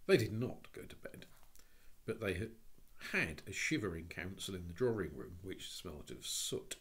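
A man narrating a classic children's story with expressive, lively storytelling. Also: sits low, normal speed. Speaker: audiobook reader.

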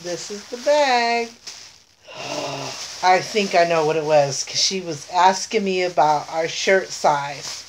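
A woman's voice: lowish voice, expressive, takes it slowly, background noise. A middle-aged woman talking casually in an unboxing vlog, gushing and emotional, close to tears. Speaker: vlogger.

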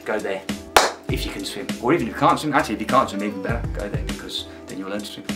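A man's voice: fairly low pitch, rapid-fire. A middle-aged man from Birmingham, chatting casually in a dry, teasing way as the vlogger's father. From Birmingham, England. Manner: dry, teasing, explaining at length. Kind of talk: casual chat. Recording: music playing behind.

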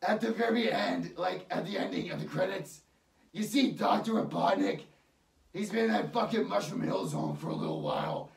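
A man's voice: high voice, sing-song, normal speed, creaky. A man ranting about a film in a heated, mocking way, swearing constantly. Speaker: online ranter. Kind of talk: profane rant. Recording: echoey room, far from mic.

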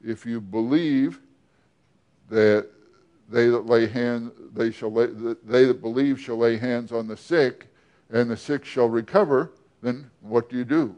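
A male pastor delivers a sermon at an unhurried, deliberate pace. He keeps turning to the congregation with questions and pauses between phrases, in a voice of ordinary pitch. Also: darkish tone.

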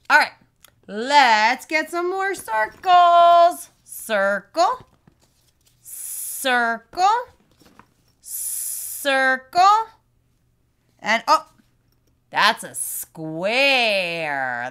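Slow, lively sing-song woman teacher. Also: high-pitched. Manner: slow, sing-song, exaggerated speech sounds. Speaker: children's speech teacher. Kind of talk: playful lesson for young kids. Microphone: camera in front, leaning close at times.

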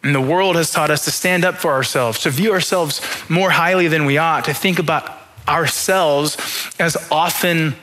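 A young man preaching to his church with a high voice and a bright, forceful tone. He tells self-deprecating stories with humor and acts out his own thoughts in quoted asides. The delivery is a lively sermon from a high school pastor. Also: moderate pace.

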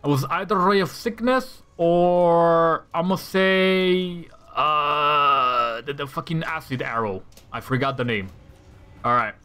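A man's voice: a little high, slow pace, bright, forceful tone, clean tone. A man giving casual gameplay commentary, talking to himself and trash-talking enemies with lots of swearing. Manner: talks to himself, reacting to rolls. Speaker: gamer playing a tactical role-playing game.

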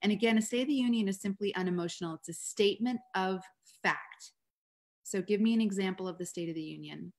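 A woman author speaking as the guest on a video-call webinar, at a middling pitch. She explains her ideas in a steady, even-paced way, like a teacher walking a class through a lesson. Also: fast talker.

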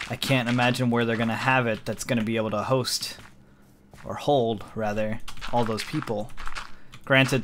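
A man's voice: mid-range voice, a bit bright, slight background noise. A man talking casually while playing a game, rambling and correcting himself as he goes. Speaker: let's play host. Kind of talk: casual gameplay commentary.

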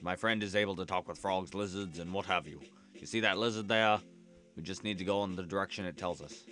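A man's voice: deep voice, a little fast, pushed and bright, soft background music. Crude, goofy let's-play man. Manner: crude, goofy, swears a lot. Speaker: let's player. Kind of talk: game commentary and reading dialogue aloud.

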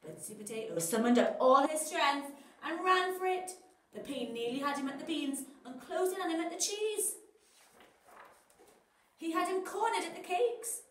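High-voiced woman reading a bedtime story. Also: normal speed. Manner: expressive, dramatic read-aloud. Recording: echoey room, voice from a distance.

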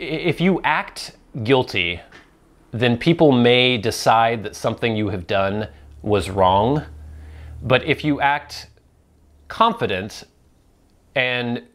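A man's voice: fairly low pitch, fairly bright tone. A man hosting a casual solo show, answering viewer questions in a rambling, self-deprecating, conversational way. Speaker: host.

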